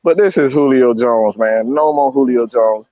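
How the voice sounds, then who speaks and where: A man co-hosting a casual sports talk show, hoarse from losing his voice, emotional and stammering as he speaks from home. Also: medium pitch, moderate pace, muffled recording. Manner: emotional, stammering, restarting lines. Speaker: sports podcast co-host. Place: indoors at home without air conditioning.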